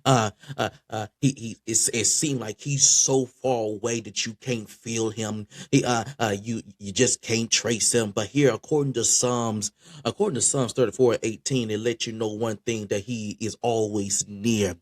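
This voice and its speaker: A man's voice: fairly low pitch, fairly even intonation, normal speed. A man preaching a sermon with passion, often repeating words as he restarts his phrases. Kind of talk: spoken sermon.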